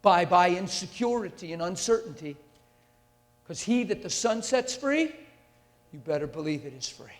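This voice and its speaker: Intense male preacher, fairly high voice. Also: lively intonation, moderate pace. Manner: intense and emphatic, with rhetorical questions to the audience. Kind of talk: sermon. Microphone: handheld or stand mic. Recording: long hall reverb.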